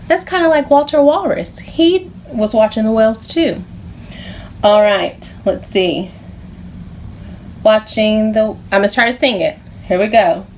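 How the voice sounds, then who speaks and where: A woman teaching preschoolers, speaking in a slow, sing-song, encouraging way and repeating words clearly for small children. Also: medium pitch, animated, a little hiss or hum. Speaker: pre-K teacher.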